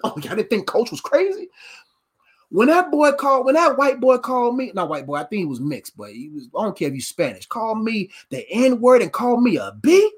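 A man's voice: very high voice, brisk, breathy edge. A male preacher who swings his voice up and down as he tells funny, slangy stories from the pulpit. He talks to the crowd like friends, jumping between teaching and tall tales. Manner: animated, humorous storytelling, conversational slang. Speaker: preacher and coach. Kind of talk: sermon.

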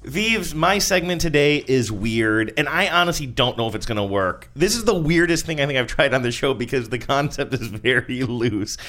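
A man's voice: medium pitch, lively intonation, moderate pace, hardly any pauses, bright, forceful tone. Jokey self-mocking man podcast host. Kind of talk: casual chat.

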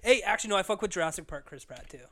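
A man's voice: high voice, animated, very fast, fairly bright tone. A young man co-hosting a podcast, chatting casually with profane, laid-back banter. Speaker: podcast co-host. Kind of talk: casual chat.

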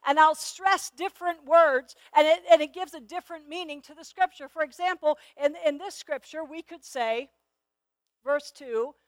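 A middle-aged woman gives a sermon with a very high voice. She speaks earnestly, stumbling over repeated words and slowing down on the phrases she wants to land. The recording is close and dry, with no room sound. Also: dry recording. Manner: earnest, repeats words when starting, slows to stress key phrases. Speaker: Bible teacher.

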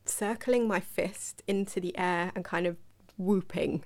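A woman hosts a reflective solo podcast in a low voice, speaking a little slowly. She is chatty and digressive, often asking her listeners questions.

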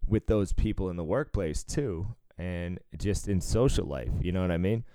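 Deep-voiced man, swearing and laughing. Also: lively intonation, normal speed, mellow, no echo. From Cambridge, Massachusetts. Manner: swears freely, laughs often, rambling. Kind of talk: casual chat.

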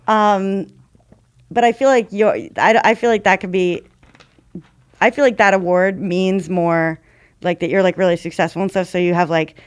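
A woman's voice: mid-range voice, steady tone, moderate pace, pauses often, clear, resonant tone. A woman stand-up comedian in casual conversation, rambling and self-reflective, with frequent restarts and fillers. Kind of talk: casual podcast chat.

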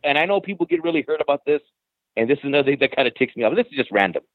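A man's voice: fairly high pitch, animated, rapid-fire, no echo. A man talking bluntly in a casual podcast chat, often repeating words as he starts a thought. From Mexican-American background. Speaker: guest. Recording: tinny phone-like line, dry.

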